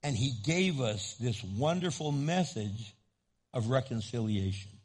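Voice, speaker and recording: A man's voice: medium pitch, expressive, unhurried, darkish tone, breathy edge. A man preaching a sermon as pastor, telling stories in a conversational way and building to fervent emphasis.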